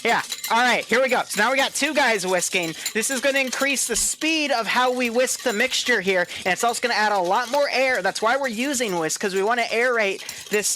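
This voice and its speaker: A man's voice: sits high, pushed and bright, a little hiss or hum. A man hosting a live stream, playfully talking through a recipe like a mock cooking show and swearing often. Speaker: stream commentator. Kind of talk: joking live-stream banter.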